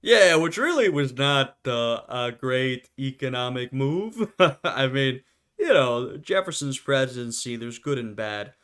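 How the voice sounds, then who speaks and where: A man's voice: mid-range voice, expressive, measured pace, a bit bright, clean tone, soft background music. A man hosting a history reaction video, talking casually and laughing often as he acts out short quotes.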